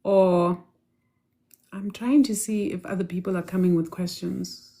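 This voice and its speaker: Animated woman answering live-stream questions. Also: on the low side, measured pace. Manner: lively, laughs often, addresses viewers by name; reads questions aloud and answers them emphatically. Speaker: spiritual teacher answering viewer questions.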